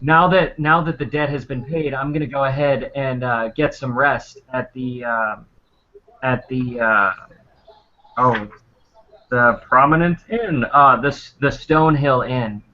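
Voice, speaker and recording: A man's voice: medium pitch, measured pace, natural voice. A man voicing a weary, courteous human traveller who speaks in a polite, easygoing way. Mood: tired. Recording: muffled lo-fi recording.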